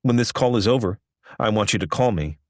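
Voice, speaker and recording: A man's voice: lowish voice, expressive, a little fast, dry recording, studio quality, natural voice. A man voicing a stiff male company chairman who talks in a clipped manner. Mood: firm.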